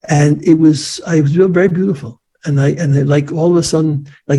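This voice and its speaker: A man in his forties, a guest in an interview, telling a personal story in an earnest, halting way with many restarts. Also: a little high, steady tone, mellow, slightly rough.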